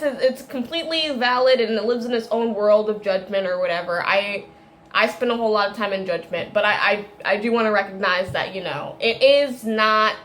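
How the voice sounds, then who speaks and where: A woman with a somewhat high-pitched voice talks through a film review in a loose, rambling way. She keeps circling back, restarting sentences and tossing in little laughs as she goes. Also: a bit bright. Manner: tangent-prone, chatty, frequent fillers and self-corrections; laughs often while talking. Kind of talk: casual rambling monologue.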